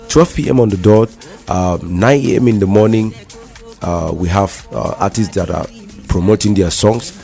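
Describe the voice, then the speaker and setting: A man with a Nigerian accent, co-hosting a casual radio talk show, speaking haltingly with many restarts and repeated words. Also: deep voice, warm tone. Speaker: radio co-host.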